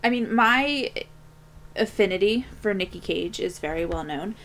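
A woman's voice: medium pitch, expressive, normal speed, a bit bright. A woman co-hosting a casual movie review chat, blunt and teasing with a sarcastic edge. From Philadelphia. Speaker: podcast co-host.

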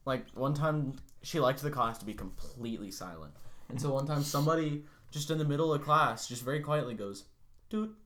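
A man in a casual podcast chat, telling stories in an animated way and acting out quotes. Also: mid-range voice, fairly quick. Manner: animated storyteller, laughs into quotes. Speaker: podcast co-host.

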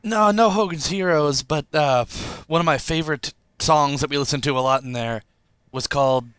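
Male co-host, smooth clear voice, dry close mic, deadpan banter. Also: a little high, moderate pace, dry recording. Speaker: podcast co-host. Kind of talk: casual chat.

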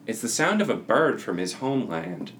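A man with a low voice runs a tabletop role-playing game and narrates the scene for his players. He tells it in a relaxed, rambling way, with fillers and laughs along the way. A faint hiss sits under the recording. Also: normal speed. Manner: laid-back storytelling with frequent fillers and laughs. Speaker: game master.

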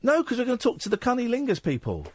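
A man hosting a radio phone-in show, talking in an excitable, jokey, animated way into a studio microphone. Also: very high-pitched, fast talker, breathy edge. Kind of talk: casual talk radio chat.

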